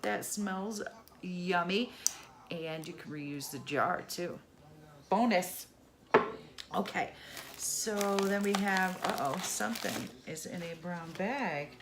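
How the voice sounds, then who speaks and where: A woman's voice: fairly low pitch, slow, noisy background. A middle-aged woman chatting casually as she unboxes a subscription box, exclaiming over each item. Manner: chatty, exclaims over items, laughs at own mispronunciation. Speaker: unboxing vlogger.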